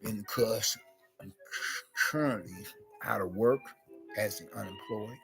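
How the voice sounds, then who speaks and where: A man's voice: on the low side, takes it slowly, gravelly, over music. A man vlogging in a rambling monologue, with theatrical mock sobbing.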